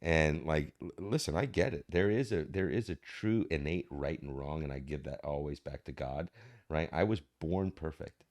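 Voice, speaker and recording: On a podcast, a male actor appears as a guest, his voice extremely low and darkish, moving at a normal speed. He talks reflectively and tells stories, acting out the voices of the people he quotes.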